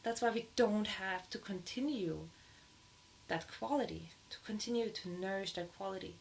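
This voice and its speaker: A woman, not a native English speaker, giving a spiritual teaching in an earnest way, her voice rising high and excited when she is moved. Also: normal speed, vocal fry, a little hiss or hum, poor audio. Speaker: dharma teacher.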